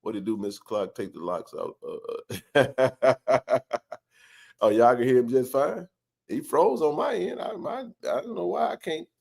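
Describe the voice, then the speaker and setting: A man's voice: mid-range voice, expressive, unhurried, vocal fry, a little mellow. A man hosting a live sports chat stream, joking loosely and greeting viewers by name.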